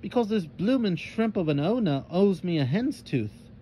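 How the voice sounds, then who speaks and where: A man voicing a rough, tough, boastful girl who talks in brash slang. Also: high-pitched, big pitch swings, moderate pace, warm tone, slight background noise, pitched above the performer's own voice. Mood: indignant.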